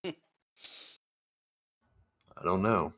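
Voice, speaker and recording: A man's voice: sits low, very animated, very slow, a bit bright, lo-fi sound. A man joking around as a player in a tabletop game, often speaking in character as a brash fighter. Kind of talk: casual tabletop play.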